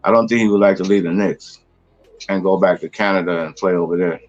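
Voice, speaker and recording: A man speaking as a guest on a casual sports podcast, with a low voice. He answers in short, plain phrases and stumbles a little at the start of each one. The recording sounds dull and lo-fi. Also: steady tone, brisk. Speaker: podcast panelist.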